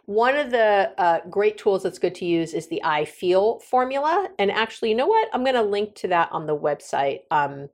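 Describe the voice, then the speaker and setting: A woman's voice: mid-range voice, big pitch swings, normal speed, hardly any pauses. Chatty woman hosting an advice podcast. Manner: chatty, self-correcting, acts out sample dialogue. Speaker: podcast host. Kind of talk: conversational relationship advice talk.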